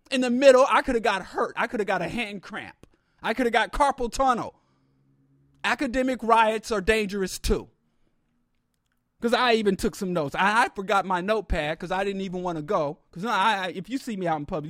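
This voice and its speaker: Animated high-voiced man telling a story. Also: no echo, studio quality. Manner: animated, comic, exaggerated asides. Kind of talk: humorous storytelling monologue.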